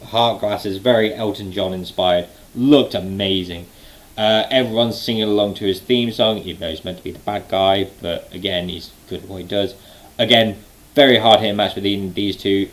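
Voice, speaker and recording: Guy in his late 20s rambling about a show he went to, kinda low voice, lots of uhs. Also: rough recording. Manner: excited, rambling with many fillers. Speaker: wrestling fan vlogger. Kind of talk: casual event recap.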